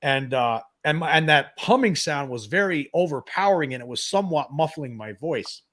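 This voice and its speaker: A man's voice: fairly high pitch, lively intonation, moderate pace, fairly bright tone. A man in his fifties, a guest, recounting a personal experience with many restarts and repeats.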